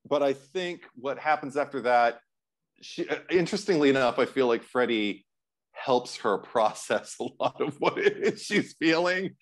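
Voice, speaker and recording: A man co-hosting a casual film discussion podcast, talking animatedly with frequent restarts and bursts of laughter. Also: on the high side. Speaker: co-host.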